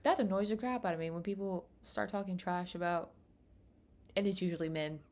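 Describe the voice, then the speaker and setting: A young woman from the United States chatting casually to camera in a rambling, animated way. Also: on the low side, brisk. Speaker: vlogger.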